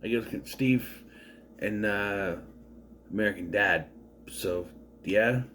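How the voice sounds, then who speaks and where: A man's voice: lowish voice, takes it slowly, fairly bright tone, slight background noise. A man casually recapping a film, wry and digressive, with frequent restarts and asides. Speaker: movie recapper.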